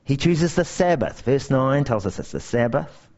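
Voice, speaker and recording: A man preaching a sermon, his pitch leaping up and down as he tells stories and drives points home with emphatic repetition. The recording sounds dull and lo-fi, as if the top end has been shaved off. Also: normal speed. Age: young adult to middle-aged parent. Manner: animated storytelling with emphatic repetition.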